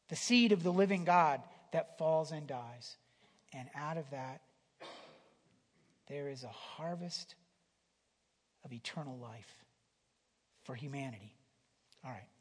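High-voiced husky male preacher, reverberant hall. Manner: conversational, with restarts and swings from loud emphasis to near whisper. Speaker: pastor. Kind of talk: sermon.

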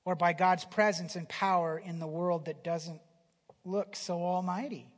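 A man preaching a sermon in a conversational way, restarting phrases and swinging from loud emphasis down to a near whisper, in a church hall. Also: sits high, fairly even intonation, unhurried. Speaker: pastor. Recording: long hall reverb.

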